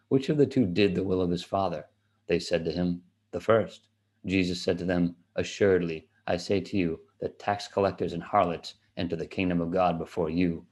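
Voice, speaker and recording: A man giving a steady, measured reading of scripture aloud. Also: low voice. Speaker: scripture reader.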